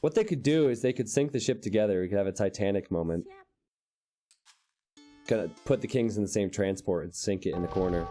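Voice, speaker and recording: A young man casting a strategy game live, excitable and quick to jump into high shouts at big plays. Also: faint music behind. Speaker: game caster.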